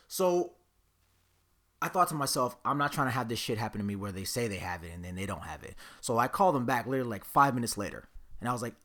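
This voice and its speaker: Young man, low-pitched, animated swearing podcast storyteller who voices both sides of the conversation. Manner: animated, profane, acts out quoted dialogue. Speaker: podcast host. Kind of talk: casual storytelling monologue.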